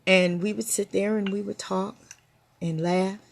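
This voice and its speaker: A woman's voice: mid-range voice, steady tone, unhurried, vocal fry, a little hiss or hum. An older woman hosting, telling personal stories in a reflective way and laughing often. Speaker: storytelling host. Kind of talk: personal storytelling to camera.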